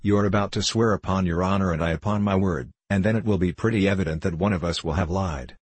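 A bantering young guardsman with an air of mock seriousness, read by a man. The voice is low and husky, close and dry. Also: fast talker, no room sound. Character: teasing young male king's guard.

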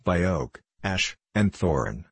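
A man's voice: deep voice, expressive, slow pace, fairly bright tone, husky, dry recording, exaggerated voice. A man voicing an ancient, kindly male hill sprite in an audiobook, with a playful, sing-song way of chanting his words. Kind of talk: audiobook character reading.

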